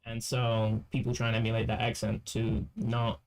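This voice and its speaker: A man giving casual commentary as a streamer, rambling and halting with many restarts. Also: mid-range voice, completely flat delivery, gravelly. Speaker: streamer reacting to clips.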